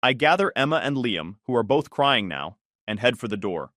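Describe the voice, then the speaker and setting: A man's voice: medium pitch, big pitch swings, normal speed, a bit bright, no echo, clean studio sound. A man narrating a first-person family story with a tense, emotionally charged delivery.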